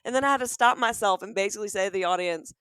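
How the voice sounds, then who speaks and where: A woman comedian from Alabama co-hosting a comedic podcast, riffing jokes quickly and acting out dialogue. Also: mid-range voice, fairly bright tone, clean tone, no room sound. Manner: quick joking riffs, acts out dialogue. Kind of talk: casual comedic chat.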